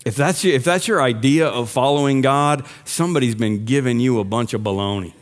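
A man's voice: mid-range voice, brisk. A man preaching a conversational, humorous sermon as pastor, asking the congregation questions and driving home points with emphatic rising peaks.

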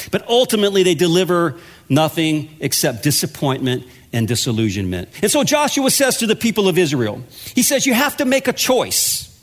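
A pastor delivering a sermon in a conversational, storytelling way, with humor at his own expense. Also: sits high. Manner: conversational, self-deprecating storytelling.

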